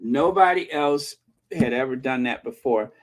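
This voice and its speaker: This is a casual vlog host who rambles in an unhurried way and lets the voice rise and fall a lot. The speaker is firmly opinionated and keeps humming bits of old television theme songs between remarks. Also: mid-range voice, lively intonation. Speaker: channel host. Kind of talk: casual chat.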